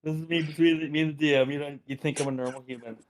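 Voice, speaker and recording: A man's voice: on the high side, fairly even intonation, rapid-fire. A man playing a tabletop game, chatting casually and asking out-of-character questions. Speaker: player.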